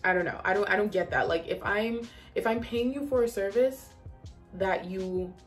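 A woman telling a story in a casual vlog, chatty and animated, leaning on "like" a lot. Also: mid-range voice. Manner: chatty, animated, heavy use of "like". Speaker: vlogger.

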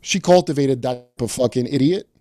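A man's voice: mid-range voice, a little fast, warm tone, dry recording, studio quality. A man hosting a comedy podcast, riffing in casual chat with a sardonic, profane edge. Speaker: podcast host.

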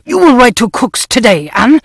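A woman reading an audiobook voices a pedantic, absent-minded old scholar, lecturing in a husky voice that swoops up and down. He talks down loftily, and the dry, close recording has no room sound. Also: a little high, big pitch swings, moderate pace, no room sound, pitched above the performer's own voice, heavily acted. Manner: lecturing, lofty and reproachful. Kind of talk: audiobook character voice.

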